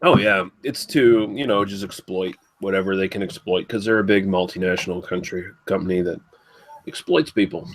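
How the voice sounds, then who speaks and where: A man's voice: low voice, normal speed, a little hiss or hum. A man co-hosting a casual podcast chat, sarcastic and crude in a loose, joking way. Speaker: podcast co-host.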